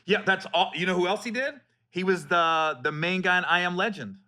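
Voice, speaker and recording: A man's voice: high voice, fairly quick. A middle-aged man from Ohio hosting a podcast, telling stories in casual, profane chat. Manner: animated storyteller, swears freely. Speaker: podcast host.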